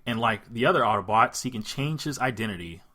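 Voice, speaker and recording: A man co-hosting a relaxed podcast chat. His pitch moves around a lot, and his voice is bright and sharp. He hesitates and restarts, then drops a dry remark. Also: a little fast. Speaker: podcast co-host. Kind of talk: casual chat.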